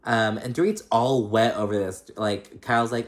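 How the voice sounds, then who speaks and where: A young man hosting a casual reality TV recap, chatty and profane, laughing often and mimicking people in a high voice. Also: steady tone, a little fast, few pauses.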